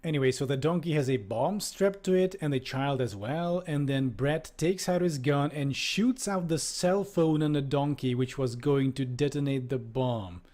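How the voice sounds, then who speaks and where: A man's voice: medium pitch, moderate pace, few pauses, darkish tone. Casual, cursing young man reading aloud. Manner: casual, swearing, laughing. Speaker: streamer. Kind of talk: reading a book aloud and commenting.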